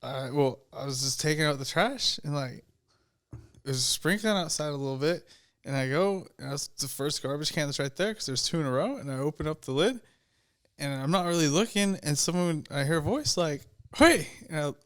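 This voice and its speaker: A young man, a podcast guest, telling a story in casual chat, animated and sweary. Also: a little high, brisk. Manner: animated, swears, acts out voices.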